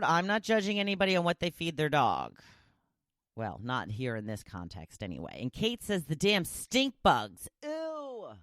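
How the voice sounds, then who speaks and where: A woman's voice: deep voice, no echo, studio quality. A woman hosting a podcast, chatting casually and opinionated as she reads out listener replies. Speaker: podcast host. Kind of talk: casual solo chat reading listener replies.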